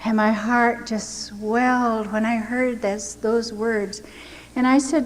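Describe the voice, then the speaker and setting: A woman's voice: a little high, steady tone, slow pace. Older woman telling her testimony in a hall. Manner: earnest, dramatic storytelling. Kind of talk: personal testimony storytelling. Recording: echoey hall with faint noise.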